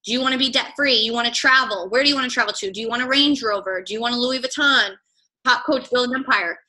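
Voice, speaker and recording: A young woman coaching her team over a call in a casual, unscripted way. Her voice is bright and slightly high, and she talks bluntly, swears without hesitation, and keeps checking in with "right?" between her points. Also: fast, rough recording. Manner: chatty, blunt, swears freely, lots of "like" and "right?". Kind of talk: casual training talk.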